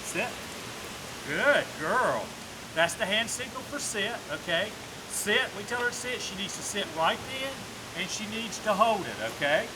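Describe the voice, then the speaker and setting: A man who is a dog trainer explaining a training demonstration step by step. He often checks in with a quick "okay?" and breaks into upbeat praise and commands for the dog. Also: high-pitched, lively intonation, background noise.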